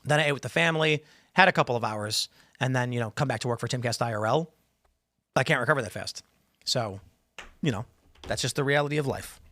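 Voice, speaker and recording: A man in his thirties hosting a casual talk show, rambling and animated as he reads chat questions and mimics AI replies. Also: mid-range voice, fast, pauses often, no echo. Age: 30s. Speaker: podcast host.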